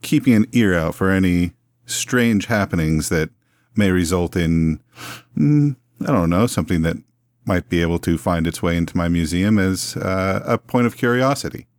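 Deep-voiced florid showman, 1920s curator type, dry close sound voiced by a male player. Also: lively intonation, normal speed, dry recording. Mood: ingratiating. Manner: florid, long-winded, genteel phrasing. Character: pompous male 1920s museum owner, smooth-talking. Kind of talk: tabletop role-play in character.

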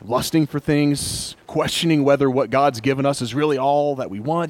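A man's voice: medium pitch, normal speed, no echo. A young man giving a casual sermon, laughing often and acting out inner voices. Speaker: pastor.

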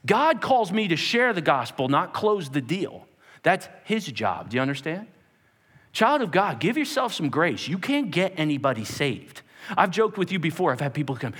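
Animated man preaching a lively sermon. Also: a little high, normal speed, long reverb tail. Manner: animated, jokey storytelling, swings between loud and hushed. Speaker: pastor. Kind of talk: lively sermon with acted-out quotes.

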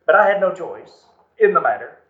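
A man's voice: on the high side, sing-song, fairly quick. Southern man on an echoey phone line. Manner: teasing, joking, repeats words when starting. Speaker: co-host. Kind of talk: casual podcast chat.

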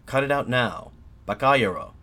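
A man voicing angry soldiers heckling from a crowd, in a loud, scornful way. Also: on the low side, normal speed, breathy edge. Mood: jeering.

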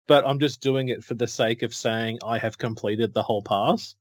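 A middle-aged man of middle pitch tells stories in lively casual chat, acting out the dialogue and laughing as he goes. The recording is dry and close, with no room sound. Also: unhurried, no echo. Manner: animated storyteller, acts out dialogue, laughs often. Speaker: podcast co-host.

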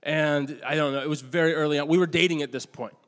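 A man's voice: on the high side, steady tone, fairly bright tone. A middle-aged man preaching a sermon in a conversational, storytelling way, often restarting his sentences and poking fun at himself. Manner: conversational storytelling, halting restarts, self-deprecating. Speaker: pastor. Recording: long hall reverb.

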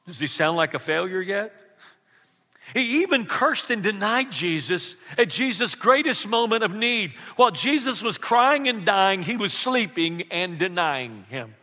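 A male pastor preaching a lively sermon and calling for responses from the congregation. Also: high voice, unhurried, in a large hall.

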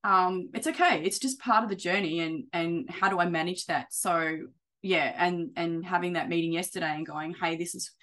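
A woman chatting casually as an interview guest, acting out quoted conversations in an animated way. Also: fairly low pitch, moderate pace. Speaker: property investor client.

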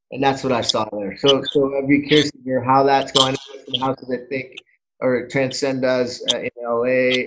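A man's voice: medium pitch, rough recording. A middle-aged man hosting a podcast, telling a story in a loose, rambling way with many restarts. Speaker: podcast host. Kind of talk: casual podcast conversation.

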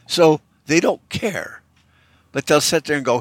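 A man's voice: a little high, lively intonation, measured pace, no echo. A middle-aged man in a casual opinion monologue, ranting bluntly and swearing freely as he talks. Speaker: vlogger.

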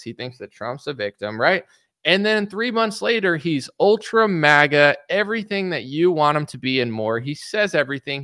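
Male commentator, blunt and sarcastic, slightly high-pitched, dry recording. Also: pushed and bright, dry recording. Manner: blunt, mocking, rambling with restarts. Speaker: political commentator. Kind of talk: casual opinion commentary.

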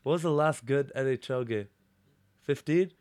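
A young man hosting a podcast, asking questions in relaxed, slow-paced chat and laughing often. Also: mid-range voice, dry recording. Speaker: podcast host. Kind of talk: casual interview chat.

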